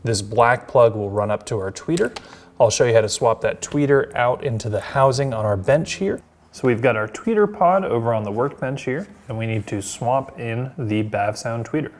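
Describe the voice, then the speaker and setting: A man giving a relaxed step-by-step installation demonstration in a workshop, talking as he works with plenty of ums and uhs. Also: medium pitch, normal speed. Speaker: installation instructor.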